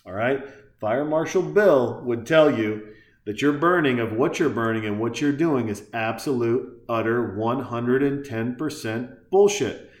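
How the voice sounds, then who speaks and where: A man's voice: medium pitch, unhurried. A man hosting a podcast, delivering a crude, heated and sarcastic rant as casual commentary. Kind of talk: profane ranting commentary. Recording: echoey room.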